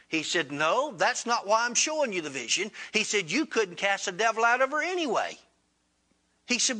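Preacher guy, high bright voice, gets lively acting out the story lines. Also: moderate pace. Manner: animated, acts out dialogue with rising pitch. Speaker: pastor. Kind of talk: sermon storytelling.

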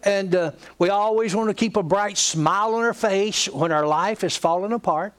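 A man's voice: sits high, moderate pace, fairly bright tone. A middle-aged man from Georgia with a Southern accent, preaching a sermon with folksy, humorous storytelling. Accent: Southern American. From Georgia, USA. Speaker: pastor.

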